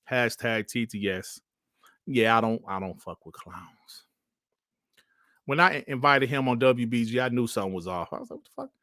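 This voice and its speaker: A man's voice: mid-range voice, fairly bright tone, dry recording, studio quality. A man hosting a casual live stream, laughing often and trash-talking with plenty of swearing. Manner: laughing, profane trash talk.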